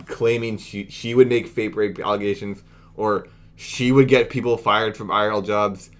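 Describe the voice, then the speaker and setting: Young guy with a lowish voice doing a brash mocking rant at his viewers, talks casual and worked up. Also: a bit bright. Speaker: youtube commentator. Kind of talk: casual commentary video.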